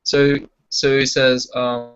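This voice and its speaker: A man's voice: medium pitch, flat delivery, slow, clean tone. A man in casual group chat, retelling comedy bits with loose, laughing asides. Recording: dull lo-fi sound.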